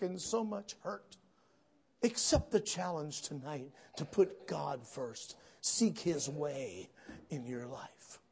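A man preaching a sermon, telling folksy stories with asides to the congregation and building to loud, emphatic peaks. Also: sits high. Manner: storytelling, swells to shouts at climaxes.

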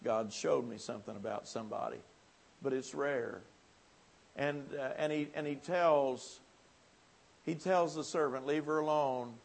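A man preaching a folksy revival sermon in a church, swinging from quiet asides to loud, lifted appeals. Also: mid-range voice, unhurried, gravelly, pauses often.

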